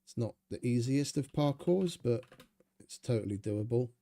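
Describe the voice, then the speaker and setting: Man, gaming streamer, casual commentary, mellow tone, chatty, swears freely. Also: medium pitch, animated, normal speed.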